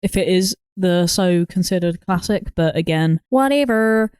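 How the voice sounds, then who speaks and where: A woman co-hosting a movie podcast, animated and quick to laugh as she gives exasperated takes on a film. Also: lowish voice, clean tone, no echo, studio quality. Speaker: podcast co-host. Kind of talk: casual movie review chat.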